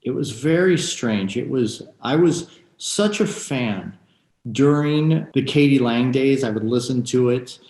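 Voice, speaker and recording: A man guest in an interview, telling animated stories full of quoted asides and excited exclamations. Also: medium pitch, roomy sound, rough recording. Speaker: guest guitarist.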